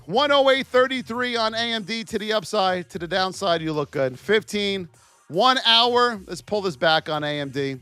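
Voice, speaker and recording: An excitable man runs a live market-commentary stream, bouncing between joking with viewers and reading off price levels. His voice sits high and swings widely in pitch, and the recording is close and dry. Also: moderate pace, smooth, no echo. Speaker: trading educator.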